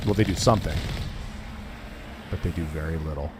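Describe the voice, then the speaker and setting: A man's voice: very deep voice, fairly quick, pauses often, darkish tone, slight background noise. A young man streaming a video game, chatting casually and rambling with lots of fillers and "like". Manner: rambling, filler-heavy, says "like" a lot. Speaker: gaming streamer.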